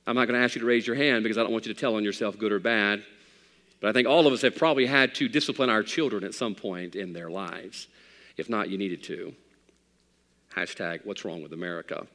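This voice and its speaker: Preacher, male, bright tense voice, hushed to fervent delivery, church hall reverb. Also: lowish voice, steady tone, a little fast. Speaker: pastor. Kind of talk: sermon.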